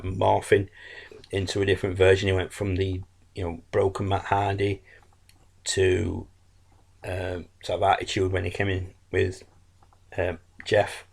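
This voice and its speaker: A man's voice: deep voice, vocal fry. A man giving a casual, blunt, rambling wrestling review, full of fillers and self-corrections. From England.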